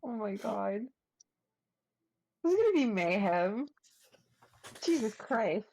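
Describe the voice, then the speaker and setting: A woman's voice: mid-range voice, slow, vocal fry, no echo, rough recording. A woman playing in an online tabletop game, chatting casually, laughing a lot and swearing freely. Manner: giggly, excitable, swears freely. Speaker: player.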